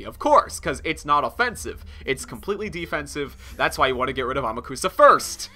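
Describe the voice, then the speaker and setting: A man giving excitable gameplay commentary, laughing often and swinging from loud outbursts to low mutters. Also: brisk, hardly any pauses. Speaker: game streamer.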